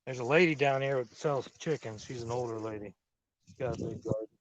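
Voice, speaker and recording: A garden channel host speaks fairly quickly in a mid-range voice, recorded with no echo but in low quality. On a casual outdoor live stream, he tours the garden and rambles to viewers in a friendly, plain way. He films with a phone or camera, tripod-mounted and then handheld as he walks around.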